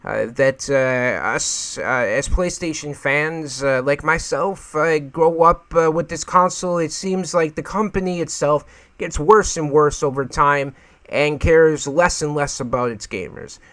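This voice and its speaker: A man with a slightly raised pitch talks through gaming news in a loose, casual commentary. He hesitates a lot and fills his pauses with "uh" while he reads an article aloud. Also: a bit bright. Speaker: gaming channel host.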